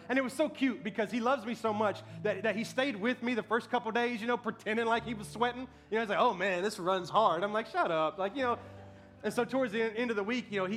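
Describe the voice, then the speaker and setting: A pastor telling a story in a sermon, building to loud, emphatic preaching and asking the congregation for amens. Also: male voice, sits high.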